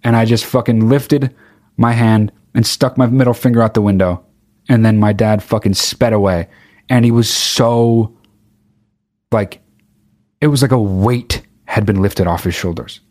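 A young man telling a casual comic anecdote, rambling and full of profanity with deadpan asides. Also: on the low side, unhurried, dry recording. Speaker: storyteller.

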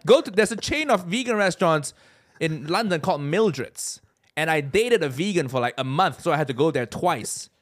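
A young man from Asia chats on a podcast with a slightly high voice. He teases and jokes, his pitch jumping around in lively swings, and he laughs often. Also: normal speed. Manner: joking, provocative, laughs often. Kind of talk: casual chat.

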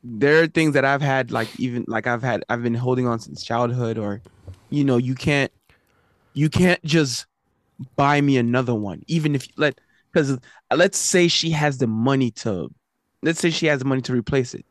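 A man co-hosting a podcast in casual chat, easygoing and halting, with laughing asides. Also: medium pitch, no echo, studio quality. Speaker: podcast co-host.

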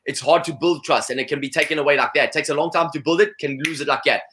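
A man talking as an interview guest, animated and full of "you know" fillers. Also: a little high, rapid-fire. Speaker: guest, salesperson. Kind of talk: conversational interview.

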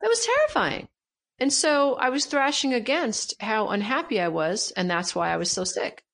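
In an interview conversation, a middle-aged guest coach talks with emphasis, animatedly repeating her main points. Her voice is a little high, fairly bright and creaky, and she speaks at a normal speed.

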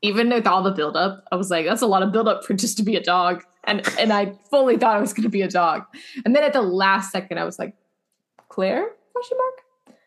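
Woman, podcast co-host, blunt, joking, casual chat, mid pitch. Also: fast. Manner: blunt, joking, swears freely.

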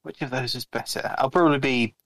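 A man's voice: mid-range voice, unhurried, fairly bright tone, no echo. A man playing a tabletop game, wry and thoughtful, with dry jokes. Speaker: player.

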